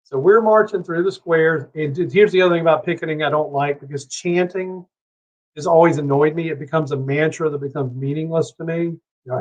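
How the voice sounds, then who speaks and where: A man's voice: fairly high pitch, a little fast. A middle-aged man from Savannah, Georgia, telling a long, heated story as a podcast guest, swearing freely and rambling between asides. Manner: profane, heated, rambling anecdote. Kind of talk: casual storytelling. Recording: dull lo-fi podcast audio.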